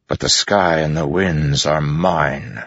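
A man reading a defiant, commanding young male warrior in a slow, measured way. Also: a bass voice, fairly even intonation, fairly bright tone, no room sound, highs cut off, heavily acted.

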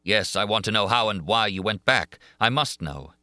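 A man's voice: fairly low pitch, animated, normal speed, pushed and bright, no echo, clean studio sound. A man voicing a vehement, jealous young man in an audiobook reading. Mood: urgent. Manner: vehement, urgent.

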